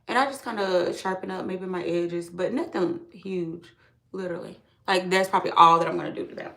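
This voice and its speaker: A woman's voice: on the low side, fairly even intonation, brisk, creaky, fairly bright tone. A woman chatting casually to her viewers while doing her makeup on a livestream, often calling them "y'all". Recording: echoey room.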